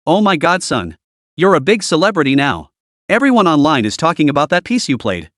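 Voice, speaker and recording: A man's voice: fairly high pitch, very animated, a little fast, fairly bright tone, no room sound, clean studio sound. A man doing a giggly teasing godmother. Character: teasing playful godmother, a woman.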